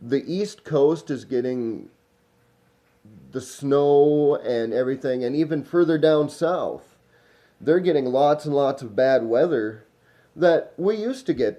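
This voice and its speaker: Guy, loose rambling vlog monologue, warm low-key tone, drifts and trails off. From Minnesota. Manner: meandering, smoking while talking, trailing off. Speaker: vlogger.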